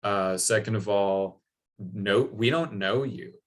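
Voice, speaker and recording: A man's voice: on the low side, slow. A man voicing dismissive knights of a royal court who scold curtly.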